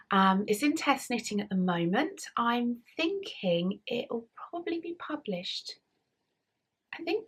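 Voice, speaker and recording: An English woman hosting a knitting podcast, chatting casually to a camera at home and often trailing off into soft near-whispers. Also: medium pitch, husky. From England. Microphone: camera mic.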